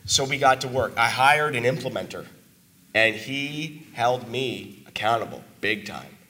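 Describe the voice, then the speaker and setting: A man's voice: mid-range voice, lively intonation, measured pace, bright, forceful tone. A man giving an earnest, emotional testimonial to a live audience, his voice worn from talking a lot. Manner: earnest and emotional, with emphatic asides. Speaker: business owner giving a testimonial.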